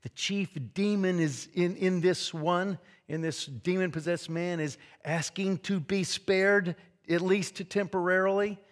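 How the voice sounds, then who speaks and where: A man's voice: high voice, steady tone, measured pace. A man preaching an expository sermon in an earnest, conversational way, often restarting phrases and adding asides.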